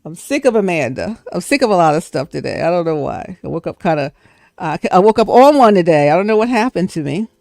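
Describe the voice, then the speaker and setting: Gravelly woman telling a story. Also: on the low side, quick pace, dry recording, studio quality. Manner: chatty and animated, breaks into laughter. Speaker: livestream host. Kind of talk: casual storytelling.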